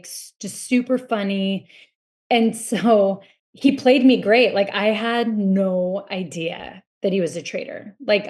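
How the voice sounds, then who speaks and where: A woman guest on a podcast in casual chat, telling her side of events in a chatty way and filling her talk with "like". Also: medium pitch. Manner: chatty, filler-heavy storytelling.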